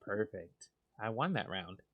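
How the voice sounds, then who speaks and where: A man softly narrating a cozy game for listeners drifting off to sleep, in a slow, relaxed voice with lively ups and downs in pitch. There is a faint hiss in the background. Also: phone-quality sound. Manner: soft, relaxed and unhurried. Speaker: gaming channel host. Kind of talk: calm sleep gameplay commentary.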